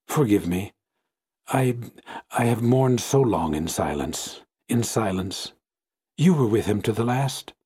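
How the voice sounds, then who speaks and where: A man's voice: fairly low pitch, animated, slow, mellow, slightly rough, exaggerated voice. A man reading an audiobook, voicing a devoted, anguished young woman who pleads and repeats herself in grief. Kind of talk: audiobook character voice.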